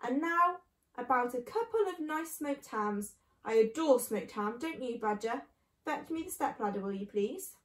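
A woman's voice: on the high side, lively intonation, moderate pace, close to an everyday voice. A woman voicing a sly, boastful father fox who grins and gives orders, in a storybook reading. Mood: fussy. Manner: grinning, showy and commanding. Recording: echoey room.

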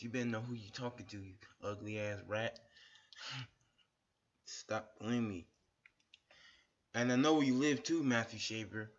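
A man ranting angrily at another YouTuber, insulting him over and over with a lot of swearing. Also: mid-range voice. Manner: profane, insulting, repetitive; shirtless on camera. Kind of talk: angry rant video. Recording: dull lo-fi webcam audio.

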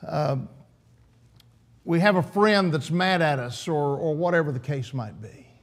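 A man's voice: on the high side, a little slow. A man preaching an earnest, emphatic sermon in church, often restarting his phrases.

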